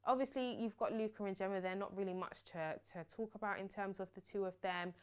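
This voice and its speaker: A young woman giving sassy, animated commentary on a reality show and mocking people's lines in put-on voices. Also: medium pitch, brisk, clean tone. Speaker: reality TV reviewer. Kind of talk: casual opinionated commentary.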